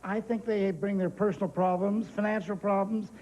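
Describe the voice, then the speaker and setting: A man's voice: sits high, steady tone, normal speed, crowd noise. A man, a game show contestant, answering in a plain, matter-of-fact way, on dull 1980s TV audio.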